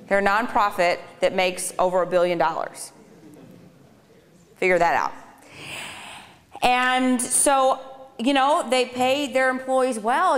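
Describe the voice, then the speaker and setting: In a reverberant lecture hall on a speaking tour, a woman in her thirties shares a conversational personal testimony with a live audience, adding dry, sarcastic asides. Her voice is fairly high and slow, with frequent pauses.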